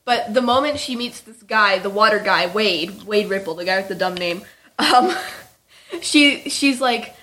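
A woman's voice: mid-range voice, animated, unhurried, pushed and bright. A woman chatting casually about a film with her co-host, teasing him and often checking in with "right?". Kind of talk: casual chat.

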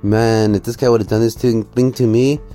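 A man's voice: mid-range voice, fairly even intonation, normal speed, warm tone, faint music behind. A man hosting a reaction video, giving sarcastic, scornful commentary on a clip and laughing at his own jokes. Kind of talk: mocking commentary over a clip.

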